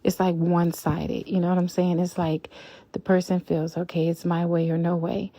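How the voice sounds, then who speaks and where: A woman's voice: fairly low pitch, flat delivery, normal speed, warm tone, no room sound. Blunt, outspoken woman in her fifties. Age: 50s. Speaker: vlogger. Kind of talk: candid relationship vlog.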